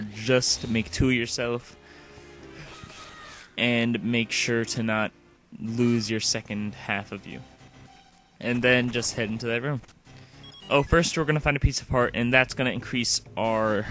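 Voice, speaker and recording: A man casually narrating his video game play, rambling from one thing to the next and leaning on "like" as a filler. His voice sits at a middling pitch, and faint music plays behind him. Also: a bit bright. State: sleepy. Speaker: let's play host. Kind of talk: casual gameplay commentary.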